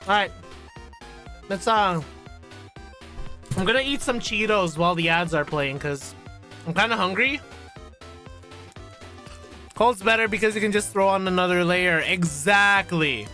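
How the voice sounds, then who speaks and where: A woman streaming a video game, chatting casually and reading the game text aloud in an animated, gushing way, swearing now and then. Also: mid-range voice, measured pace, pauses often, faint music behind.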